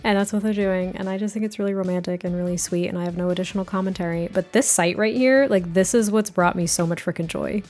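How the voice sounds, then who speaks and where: A woman's voice: fairly low pitch, steady tone, quick pace, few pauses, darkish tone, faint music behind. A woman narrating her life-sim game story in a chatty, effusive, gushing way. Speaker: gaming content creator. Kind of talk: casual gameplay narration.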